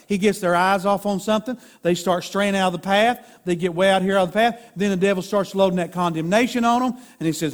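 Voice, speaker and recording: A man's voice: sits high, brisk, hardly any pauses. A man preaching a sermon in a folksy way, sketching stick figures and building to emphatic peaks. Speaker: pastor.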